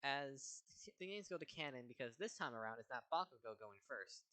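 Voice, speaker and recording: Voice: medium pitch, expressive, fairly quick, fairly bright tone. A person casually narrating a fan-fiction story in run-on chains, with some stammering restarts.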